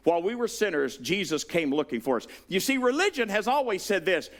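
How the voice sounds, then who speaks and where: Man, Southern US accent, pastor, sermon, animated delivery, swooping pitch. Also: fairly quick, few pauses. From Southern United States. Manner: animated preaching, acts out quoted voices.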